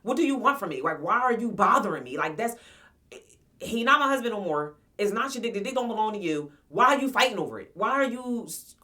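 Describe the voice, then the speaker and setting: A woman's voice: medium pitch, sing-song, a little fast, pushed and bright, recorded from a distance. A woman in her forties casually telling a personal story to her viewers, blunt, slangy and profane. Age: 40s. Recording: voice somewhat off-mic.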